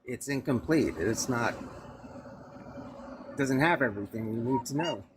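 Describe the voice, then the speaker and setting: A man's voice: mid-range voice, measured pace. A man calls in to a live debate stream. He answers in short, blunt lines. Faint noise sits behind his voice. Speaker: caller. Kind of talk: casual call-in debate.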